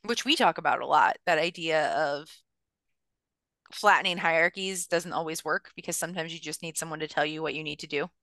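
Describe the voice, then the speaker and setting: A woman's voice: low-pitched, a little fast, fairly bright tone, dry recording, studio quality. A woman co-hosting a podcast, musing in a casual, wry and rambling way. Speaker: podcast co-host. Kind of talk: casual chat.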